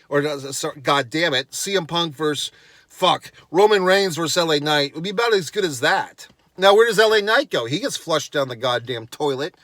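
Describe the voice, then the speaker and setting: A man in a slightly high register rants into his vlog with blunt sarcasm and constant swearing. His tone is dismissive and mocking. The sound is dry, with no room echo. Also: fairly bright tone. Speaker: wrestling commentator. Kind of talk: profane ranting vlog.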